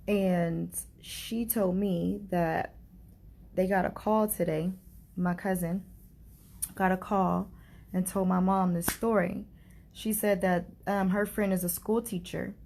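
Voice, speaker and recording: A woman's voice: medium pitch, darkish tone, slight background noise. A woman vlogging a heartfelt personal story in a casual, chatty way, using many fillers. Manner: chatty, uses many fillers like "like" and "you know"; heartfelt and earnest. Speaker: grieving mother vlogger.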